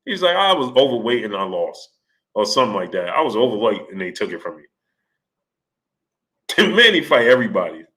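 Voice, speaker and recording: A man hosting a live stream, greeting viewers and retelling stories with laughter and quoted voices. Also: mid-range voice. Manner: animated storytelling, laughing, mimicking voices. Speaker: host. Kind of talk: live stream chat, reading Super Chats.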